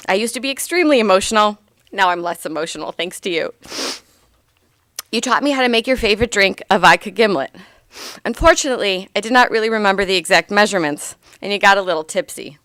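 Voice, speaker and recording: A woman in her thirties reading a eulogy for her grandfather aloud, heartfelt and gently humorous. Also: mid-range voice, no echo.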